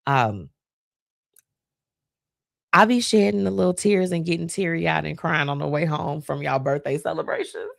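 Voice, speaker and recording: A woman's voice: low-pitched, normal speed, creaky, pauses often, no room sound, studio quality. A woman hosting a live stream, talking casually and emotionally about her friends. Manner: chatty, heartfelt, emotional. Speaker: host.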